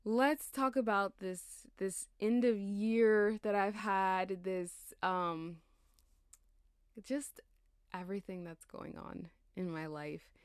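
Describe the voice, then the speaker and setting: A woman's voice: mid-range voice, steady tone, slow pace, clear, resonant tone, no room sound, studio quality. A young woman in her twenties rambling casually and tiredly about her life, chatty and slangy, laughing as she digresses. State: tired, yawning. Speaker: podcast host.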